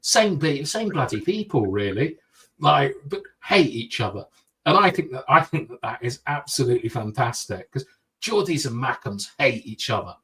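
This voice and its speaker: A man's voice: mid-range voice, expressive, moderate pace, a bit bright, distant mic. A man co-hosting a casual podcast chat, making dry, sarcastic jokes. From North East England. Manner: dry, joking, with sarcastic asides. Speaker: podcast co-host.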